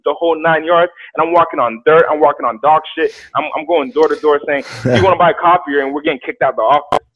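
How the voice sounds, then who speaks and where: A young man telling a story casually, animated, acting out quotes and repeating words. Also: on the high side. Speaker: guest telling his story. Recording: tinny phone-like sound.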